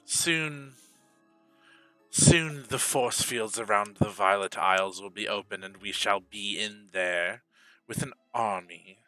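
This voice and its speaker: A man's voice: fairly low pitch, bright, forceful tone, no room sound, full character voice, poor audio. A man voicing a smug, menacing male dwarf priest who schemes in a fantasy tabletop game.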